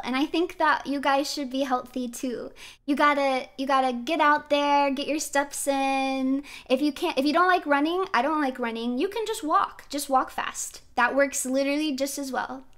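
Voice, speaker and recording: A woman's voice: high voice, normal speed, fairly bright tone. A woman streamer chatting casually while she plays, giggly and playful, often laughing. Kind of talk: casual chat while gaming.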